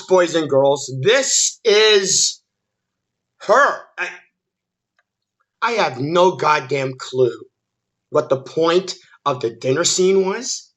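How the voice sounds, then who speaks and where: A man's voice: high-pitched, pushed and bright. A man ranting through a movie review, exasperated and swearing, with many stammered restarts. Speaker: film reviewer.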